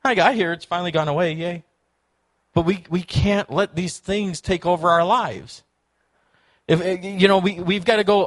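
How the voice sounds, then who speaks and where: A man's voice: high voice, normal speed. A man preaching a sermon in a church, telling stories and acting out quoted voices. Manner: storytelling, animated, acts out quoted voices. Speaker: pastor.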